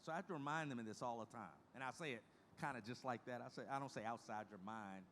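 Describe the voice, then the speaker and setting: A man's voice: medium pitch, fast, fairly bright tone, slight background noise. A middle-aged man giving a conference presentation in a folksy, emphatic way, repeating key phrases for emphasis. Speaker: conference speaker.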